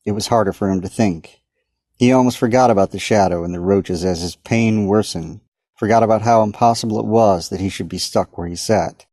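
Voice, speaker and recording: Low, dark-voiced male narrator. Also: dry recording. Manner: steady, measured dramatic reading. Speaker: author reading his own story. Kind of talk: audiobook narration.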